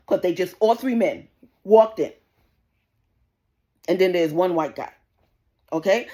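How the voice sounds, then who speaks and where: A woman, ranting indignantly to camera, swearing often and repeating herself as she tells the story. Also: mid-range voice. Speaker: vlogger. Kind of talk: casual rant to camera.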